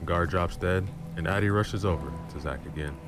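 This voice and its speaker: A man reading a dramatic story aloud in a low, slow, intimate manner. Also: background noise. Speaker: storyteller streamer. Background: background music and rain.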